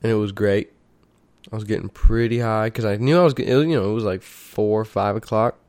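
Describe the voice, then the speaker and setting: A man's voice: lowish voice, a little fast, a little mellow, no room sound. A young man telling a story in a casual, rambling way, swearing often and restarting his sentences.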